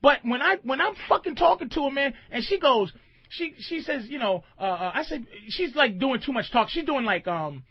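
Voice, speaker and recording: Loud, animated man ranting on radio. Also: moderate pace, slightly rough, no room sound, highs cut off. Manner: loud, emphatic, swings between booming and mumbling. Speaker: radio show host. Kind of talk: loose comedic radio rant.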